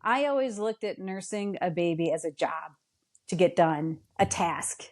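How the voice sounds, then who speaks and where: A middle-aged woman, a guest mother, telling family stories in casual chat with lively, emotional retellings. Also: measured pace. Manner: animated, emotional retelling with dramatic pitch jumps. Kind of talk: casual storytelling.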